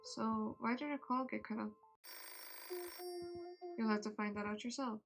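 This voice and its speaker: A woman streamer reading game dialogue aloud, slow and deliberate, voicing each character in turn. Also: a little high, steady tone, vocal fry. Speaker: VTuber streamer. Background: game music.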